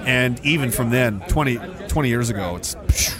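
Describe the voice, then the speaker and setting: A young adult man hosts a podcast in a mid-range voice at a moderate pace, with crowd noise behind him. He delivers casual ranting commentary, sarcastic and profane, full of rambling asides.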